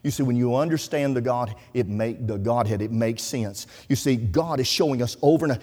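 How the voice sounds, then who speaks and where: A man's voice: medium pitch, moderate pace, few pauses, a little mellow. A man preaching a sermon, telling folksy stories and quoting scripture. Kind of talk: sermon storytelling. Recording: reverberant hall.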